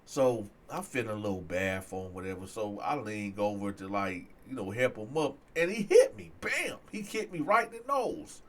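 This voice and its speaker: A man telling a personal story in casual talk to his viewers, getting louder and higher when excited. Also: moderate pace, hardly any pauses. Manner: animated, swings loud and high when excited. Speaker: storyteller host.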